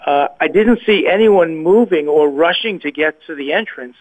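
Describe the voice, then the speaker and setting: A man calls in by phone to tell his personal story of faith, his voice a little high and his speed normal. The line sounds tinny, and he hesitates, frequently restarting and repeating words.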